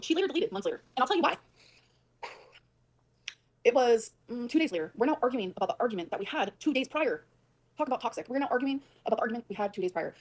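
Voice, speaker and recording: A woman on a livestream ranting fast and emphatically, swearing a lot as she tells her side of a fight. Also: a little high. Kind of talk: venting livestream rant. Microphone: livestream mic.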